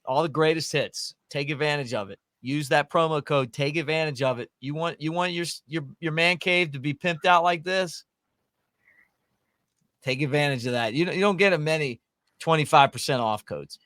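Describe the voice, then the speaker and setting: A man's voice: on the high side, normal speed, a bit bright, no room sound, clean studio sound. A man hosting a casual sports talk show, rambling and folksy with many restarts. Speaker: podcast host.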